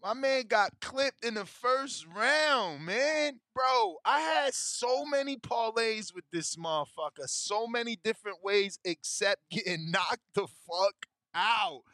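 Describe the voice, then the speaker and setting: A man's voice: sits high, lively intonation, slow pace, few pauses, pushed and bright, no room sound, studio quality. A man hosting a boxing show, chatting casually and ranting emotionally with heavy slang and swearing. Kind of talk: casual chat about betting and fights.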